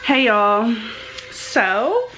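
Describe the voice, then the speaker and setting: A woman's voice: a little high, very animated, extremely slow, over music. A woman in her twenties chatting casually and upbeat to her vlog audience. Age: 20s. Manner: chatty, upbeat, says "y'all". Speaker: vlogger.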